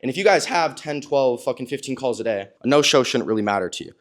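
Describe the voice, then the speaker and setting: A man's voice: medium pitch, animated, fast talker. A man giving a blunt, profane business coaching talk. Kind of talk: coaching monologue.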